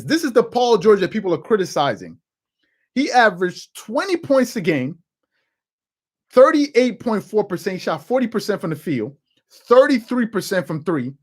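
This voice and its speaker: A man hosting a live sports talk stream, talking through his notes, repeating words as he goes and answering chat comments. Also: high voice. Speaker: sports talk show host.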